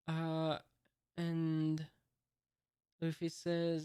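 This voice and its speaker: A reader casually reading a comic aloud, hesitant with many "uh"s, even reading out the punctuation marks. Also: mid-range voice, slow pace, pauses often, clean tone. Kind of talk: casual read-aloud commentary.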